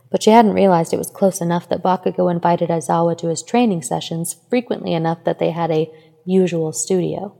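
A woman narrating a fan fiction story in a steady, even reading voice. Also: on the low side, gravelly, in a large hall. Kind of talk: scripted narration.

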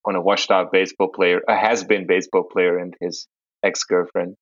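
A man's voice: sits low, level tone, normal speed, dry recording, muffled recording. A man co-hosting a podcast, teasing his partner playfully in casual banter.

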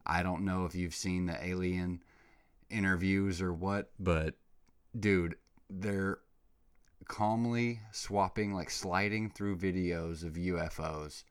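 A man hosting his own comedy podcast, rambling excitably and throwing in slang like "dude" and "bro" as he rants. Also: sits low, takes it slowly, clear, resonant tone. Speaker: podcast host. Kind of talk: comedic solo podcast rant.

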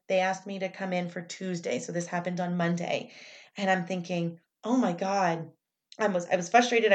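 A woman talks through a personal growth lesson in a candid, self-reflective monologue. Her voice sits at an ordinary middle pitch. She often replays her own inner thoughts aloud as she goes.

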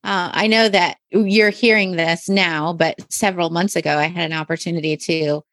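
A woman's voice: lowish voice, steady tone, moderate pace, fairly bright tone, no room sound. A woman hosting a faith-based business podcast, speaking earnestly and from the heart, often restarting her sentences. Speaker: podcast host.

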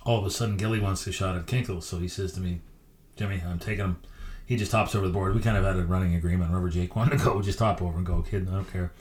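A middle-aged man, a hockey coach, telling stories as a guest in an interview with a lively, anecdotal delivery. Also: low voice, rapid-fire, hardly any pauses, roomy sound. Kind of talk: storytelling interview.

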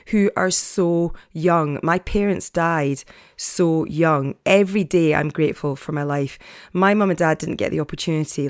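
A woman's voice: on the low side, no echo, clean studio sound. A woman in her late forties or fifties, a former TV presenter, chatting openly about her life with lots of fillers and restarts. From Scotland. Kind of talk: personal storytelling to camera.

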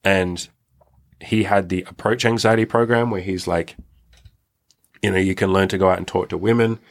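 A man's voice: low-pitched, steady tone, normal speed. A young man telling his own story on a podcast, frank and reflective, swearing casually. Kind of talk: candid personal storytelling.

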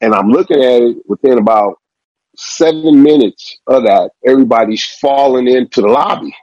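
A man's voice: mid-range voice, normal speed, a little mellow, dry recording. A man telling a long story in a rambling, profane street manner as a podcast guest. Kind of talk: storytelling interview. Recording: dull lo-fi sound.

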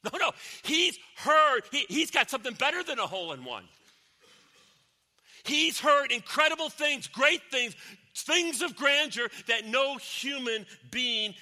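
A man preaching a sermon, swinging from loud exclamations to near whispers to tell a story. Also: very high voice, sing-song, a little slow. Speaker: pastor.

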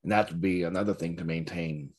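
Low husky-voiced Zen teacher, reflective. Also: male voice, fairly even intonation, fast talker. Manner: reflective and searching, with soft laughs. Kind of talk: dharma talk.

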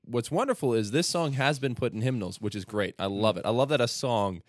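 A man's voice: medium pitch, expressive, brisk, no echo, studio quality. A man, apparently American, co-hosting a casual podcast chat and eagerly explaining the theology of a hymn at length. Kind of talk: casual chat about hymns.

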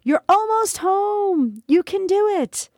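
A woman putting on jubilant angel chorus, very high cheering voices, storybook heaven, dry close sound. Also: lively intonation, slow, darkish tone, dry recording, exaggerated voice. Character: chorus of joyful angelic friends.

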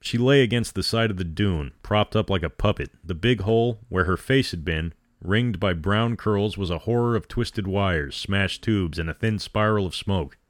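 A man reading a dramatic story aloud as host, in a measured, dramatic way. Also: low voice, no room sound, clean studio sound.

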